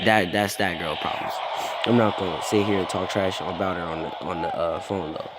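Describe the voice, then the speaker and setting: A man's voice: sits low, normal speed. A teenage boy casually telling a rambling story, acting out both sides and filling it with "bro" and "like". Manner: rambling, animated retelling with lots of "bro" and "like". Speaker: vlogger. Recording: noticeable background noise.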